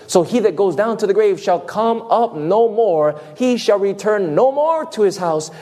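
Man, preacher, high voice, emphatic, dramatic pauses. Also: warm tone. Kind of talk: sermon.

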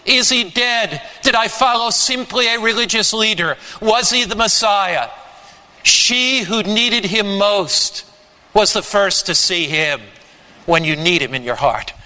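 A man preaching a sermon, slow and emphatic with dramatic pauses. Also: high-pitched, pushed and bright, long reverb tail, poor audio. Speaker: pastor.

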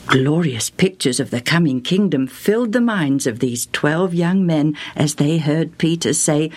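A woman narrating a Bible story as a storyteller, gentle and expressive, asking the listener questions along the way. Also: sits low, unhurried. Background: music.

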